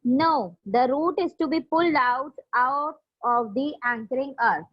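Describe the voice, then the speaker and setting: A woman school teacher with an Indian English accent runs an online class, patiently repeating her questions in a high, unhurried voice. The audio is dull and lo-fi, typical of an online class.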